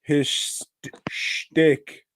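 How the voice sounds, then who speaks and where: A man's voice: drawn-out words, fairly bright tone, dry recording, studio quality. A man co-hosting a podcast, chatting in a crude, profane, rambling way. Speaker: podcast co-host. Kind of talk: casual podcast chat.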